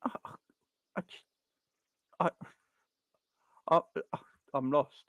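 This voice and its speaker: A man's voice: fairly high pitch, steady tone, slow, a bit bright, no room sound. A man hosting a football fan channel, ranting in frustration and firing off repeated rhetorical questions. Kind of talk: fan reaction rant.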